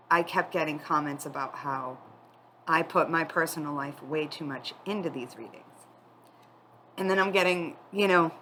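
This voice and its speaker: A woman giving a spiritual tarot reading, tearful and crying as she talks in a candid, halting, confiding way. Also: low-pitched, fairly bright tone, a little hiss or hum, rough recording. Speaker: tarot reader.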